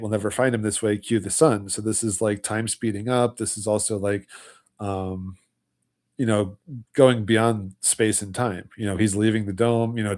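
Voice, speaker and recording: A man hosting a casual livestream, hoarse with his voice almost gone, tired, rambling through loose explanations. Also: fairly low pitch, darkish tone. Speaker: livestream host.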